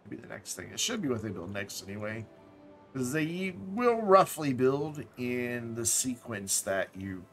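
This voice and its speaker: A man's voice: on the low side, gravelly, a bit bright. A man casually commenting while playing a game on a live stream, thinking aloud, correcting himself and dropping jokey asides.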